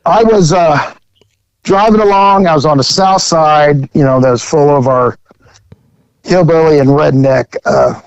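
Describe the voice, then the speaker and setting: Brief: male podcast host, somewhat high voice, rambling joking storyteller, dull dry audio. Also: a little slow, vocal fry, clean tone, no room sound.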